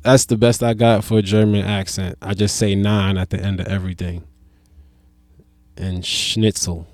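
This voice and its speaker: A young adult man doing a stand-up comedy monologue. He is profane, loose and rambling, and jumps between loud outbursts and low mutters. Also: level tone, a little fast, no room sound, clean studio sound.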